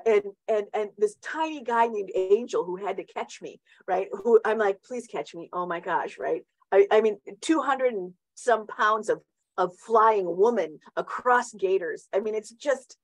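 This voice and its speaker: A woman's voice: mid-range voice, no echo, low-quality recording. A middle-aged woman hosting a motivational talk, chatty, with many restarts and tag questions. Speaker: host.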